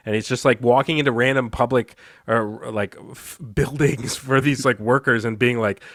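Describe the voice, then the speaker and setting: A man's voice: mid-range voice, steady tone, normal speed, fairly bright tone, dry recording. Rambling man chatting on a dry mic. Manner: rambling, filler-heavy, laughs often. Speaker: podcast co-host. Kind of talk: casual chat.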